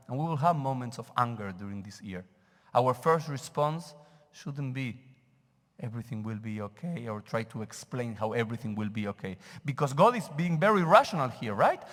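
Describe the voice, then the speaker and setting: A man, teaching a sermon as a rabbi and questioning his congregation. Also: on the high side. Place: synagogue sanctuary. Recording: reverberant sanctuary.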